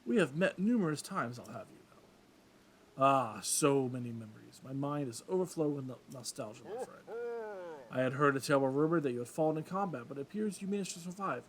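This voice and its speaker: A man's voice: medium pitch, animated, brisk, slight background noise, close to an everyday voice. A man reading as a stately old fish-folk king. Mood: regal. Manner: formal, courtly phrasing. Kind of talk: let's play voice reading.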